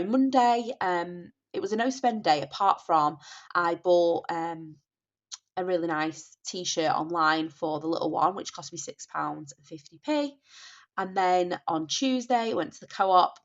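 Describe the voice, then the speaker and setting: A woman's voice: lowish voice, a bit bright. A woman in her thirties from the North West of England with a Northern English accent, congested from a cold and sounding nasal, chatting casually and apologetically about her spending. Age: 30s. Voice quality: nasal, bunged up. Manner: chatty, apologetic, often restarts and says sorry. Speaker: budgeting vlogger. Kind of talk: casual chat. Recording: dull lo-fi home recording.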